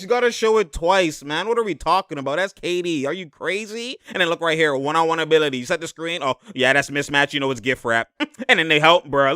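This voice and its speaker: A man giving a slangy, excited breakdown of basketball game film, laughing often and repeating himself. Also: a little high, clear, resonant tone, no echo, studio quality.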